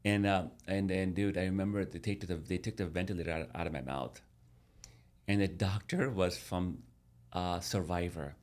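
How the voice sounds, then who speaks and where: Animated man telling a story, low voice. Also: moderate pace. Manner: animated, repeats words and restarts while telling a story. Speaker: podcast guest. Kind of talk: casual storytelling interview.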